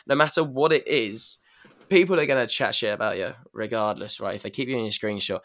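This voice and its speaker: A man's voice: medium pitch, fairly bright tone. A man on a podcast, talking candidly in a rambling, self-correcting way. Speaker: podcast guest. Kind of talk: casual chat.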